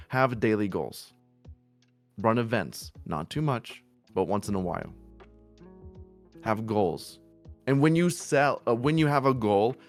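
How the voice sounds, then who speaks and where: Blunt, emphatic male streamer. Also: on the low side. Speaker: VTuber streamer. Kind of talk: casual stream chat giving advice.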